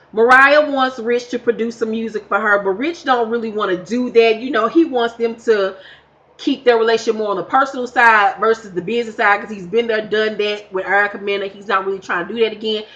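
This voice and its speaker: A woman's voice: fairly high pitch, a little fast, a bit bright, lo-fi sound. A woman recapping a reality show in a casual vlog, sassy, blunt and full of profanity. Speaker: reality TV reviewer.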